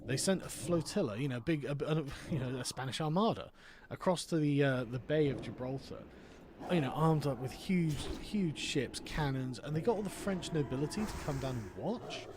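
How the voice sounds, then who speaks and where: Male streamer, slightly high voice, dry sardonic riffing, noticeable background noise. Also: lively intonation, normal speed. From Britain. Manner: sardonic, reads aloud and riffs with mock outrage. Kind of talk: casual chat while gaming and reading aloud.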